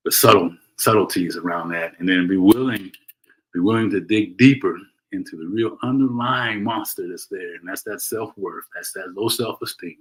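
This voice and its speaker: This is a rough recording of a middle-aged man running a motivational livestream by himself at home. His voice is low and a bit bright. He preaches earnestly, restarts often, and keeps tacking a "right?" onto what he says.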